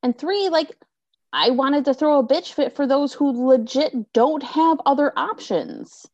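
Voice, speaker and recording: A woman's voice: high voice, unhurried, no echo, muffled recording. A woman in her thirties co-hosting a podcast, ranting with lots of swearing in a fired-up casual chat. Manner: animated, profane, fired-up ranting. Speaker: podcast co-host.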